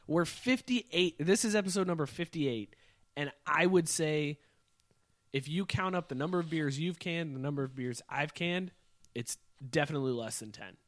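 A man co-hosting a beer podcast, talking in a relaxed, jokey way and swearing freely. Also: a little high, normal speed. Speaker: podcast co-host. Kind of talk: casual chat.

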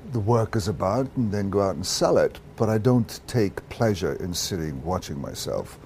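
A man's voice: low-pitched, lively intonation, moderate pace, a little mellow, a little hiss or hum. A man in his sixties, born in Ireland, telling stories in a candid interview, reflective and self-deprecating, restarting his sentences often. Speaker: actor guest.

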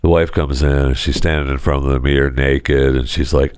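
A man's voice: a bass voice, steady tone, a little fast, few pauses, darkish tone, clean tone, dry recording. A man hosting a podcast, telling jokes in a casual comedic monologue and chuckling at his own lines. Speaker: podcast host.

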